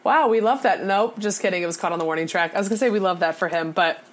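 A woman's voice: mid-range voice, quick pace. Bubbly young woman telling sports stories. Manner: bubbly storyteller, laughs often, lively acted-out quotes. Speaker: podcast co-host. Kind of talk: casual chat.

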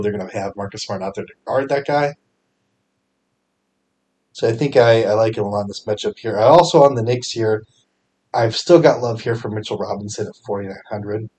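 Chatty, energetic man with a lowish voice. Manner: energetic, chatty, with fillers and self-corrections. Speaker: fantasy sports podcast host. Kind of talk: casual solo podcast picks.

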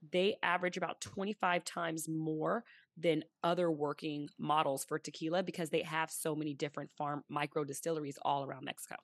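Sitting low with a steady tone, her voice moves a little fast on a dry, studio-quality recording. She co-hosts a podcast, chatting casually as a storyteller who puts on playful voices when quoting people.

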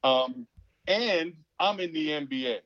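Guy in his 50s telling a story on a podcast, lively, does the voices, kinda high, muffled dry audio. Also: unhurried, no room sound. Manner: animated, acts out quoted people. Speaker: guest, former pro basketball player. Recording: dull, dry sound.

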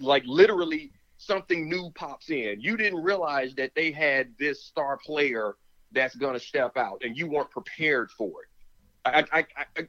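Male ex-player analyst, fairly high voice, insistent and repetitive, muffled audio. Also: a bit bright. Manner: emphatic, repeats words, talks himself out of breath. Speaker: former pro football player, analyst. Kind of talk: sports talk, animated argument.

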